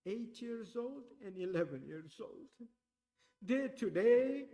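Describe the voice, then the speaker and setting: High-voiced man preaching in a hall. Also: a little mellow. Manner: emotional storytelling, voice rising to cries. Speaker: speaker at an Islamic center. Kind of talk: mourning sermon narration. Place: Islamic center hall. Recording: long reverb of a hall.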